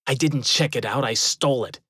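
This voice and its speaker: A man's voice: mid-range voice, fairly quick, bright, forceful tone, slightly rough, dry recording, clean studio sound. A man voicing a demanding teenage boy in a spooky story, insistent and scornful.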